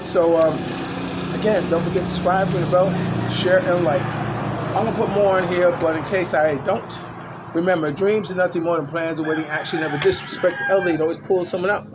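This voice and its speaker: An older man talks in a loose, rambling vlog, chuckling as he goes and filling pauses with "you know." His voice sits fairly high for a man. Traffic and street noise hum steadily behind him. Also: fairly even intonation. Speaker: vlogger. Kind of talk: casual vlog commentary. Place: small outdoor hangout spot after tennis.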